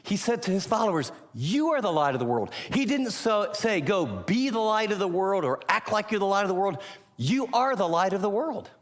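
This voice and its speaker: A man preaching a sermon, emphatic, asking rhetorical questions and moving between loud and hushed delivery. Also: high voice, very animated, fairly quick, hardly any pauses, long reverb tail. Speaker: pastor.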